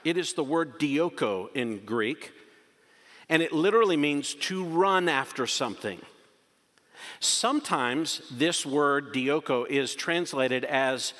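Impassioned preacher in a reverberant hall. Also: male voice, on the high side. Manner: impassioned, swings from loud urgent questions to quiet emphasis. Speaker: pastor. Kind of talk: sermon.

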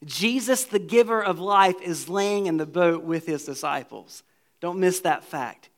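This pastor's sermon comes in an unhurried, high and light male voice. Earnest throughout, he reads from scripture at the pulpit and frequently lowers himself to a soft, quiet register for emphasis.

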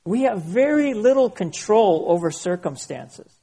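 A man who is a pastor, preaching a sermon and reading scripture aloud slowly and expressively. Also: sits high, very animated, creaky, warm tone, slightly rough.

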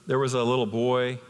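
A man's voice: mid-range voice, clear, resonant tone. A man in his fifties preaching a sermon as a guest speaker, telling stories and acting out voices. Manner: animated storytelling with acted-out voices. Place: church sanctuary. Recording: long hall reverb.

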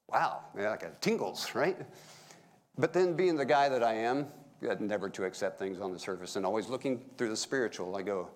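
A man's voice: mid-range voice, fairly quick. A middle-aged man giving a casual, joking sermon to his congregation. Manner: folksy, joking with the congregation, animated. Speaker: pastor. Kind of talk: conversational sermon.

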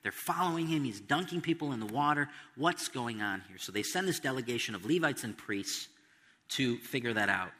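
A man's voice: medium pitch, lively intonation, brisk, pushed and bright, big-room sound. A man preaching an expository sermon, stressing quotes and asking the listeners questions. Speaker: pastor.

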